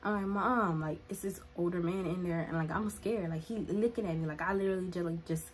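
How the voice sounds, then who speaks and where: A woman's voice: fairly low pitch, brisk. A young woman in a storytime vlog, retelling events in a chatty, dramatic way with many "like" fillers. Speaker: vlogger.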